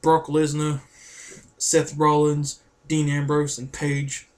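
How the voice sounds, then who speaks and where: A man vlogging to camera, telling a story excitedly and rambling, often calling his viewers guys. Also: a little high, slow.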